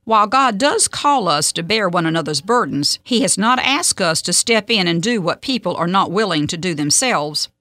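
A woman hosting a radio devotional, reading a story and scripture in a steady, measured way. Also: lowish voice, no echo. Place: radio studio.

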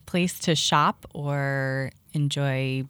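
A woman hosting a casual interview, upbeat and quick with her questions. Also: sits low, very animated, clean tone, no room sound. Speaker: podcast host.

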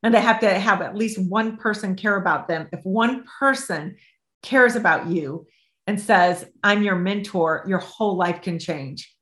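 A middle-aged woman, a life coach and interview guest, telling a story with lively, expressive acted-out dialogue. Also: mid-range voice, measured pace. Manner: acts out both sides of remembered dialogue, lively and expressive. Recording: roomy echo.

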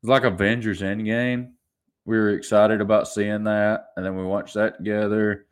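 A man's voice: on the low side, little pitch movement, normal speed, clean tone. A man in his twenties hosting a solo podcast, telling stories in a rambling, chuckling way with many restarts. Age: 20s. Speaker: podcast host. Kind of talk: casual solo podcast storytelling.

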